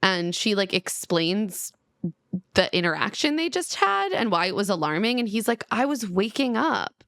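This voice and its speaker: A woman's voice: mid-range voice, sing-song, moderate pace, a bit bright, no echo, studio quality. A woman co-hosting a podcast who retells reality-show scenes animatedly and laughs often in casual chat. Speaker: podcast co-host.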